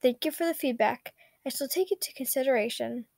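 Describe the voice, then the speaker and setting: A woman's voice: high-pitched, fairly quick, vocal fry, a little mellow, dry recording, clean studio sound. A woman reading the lines of a cold, logical young man in a formal, restrained manner. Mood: formal, weary.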